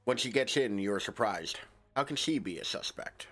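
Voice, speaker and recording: A man's voice: lowish voice, animated, moderate pace, fairly bright tone. A male streamer reading a narrative game aloud, dropping casual, wry asides between the lines.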